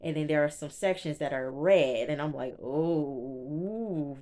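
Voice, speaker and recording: Low-voiced woman recapping a TV show. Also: a little fast. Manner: chatty, animated retelling with quoted reactions. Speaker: TV show reviewer. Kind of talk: casual recap commentary.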